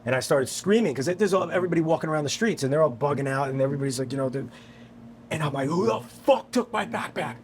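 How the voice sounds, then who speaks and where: A man from New York, a guest musician, telling a story on a podcast in a casual, animated, profane way. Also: mid-range voice, very fast, a little hiss or hum. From New York, USA. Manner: animated, profane, acts out quotes.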